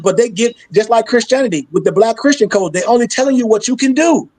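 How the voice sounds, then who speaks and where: A man's voice: very high voice, quick pace, few pauses, a little mellow, dry recording, poor audio. Blunt, sarcastic man preaching. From Michigan, US. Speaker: host. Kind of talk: heated discussion.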